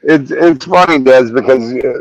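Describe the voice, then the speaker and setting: Guy on a podcast telling stories, curses a lot, mid pitch, no room sound at all. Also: normal speed, no room sound, rough recording. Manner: swearing, anecdotal, laughs while telling. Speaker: podcast guest, reptile keeper. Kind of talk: casual storytelling.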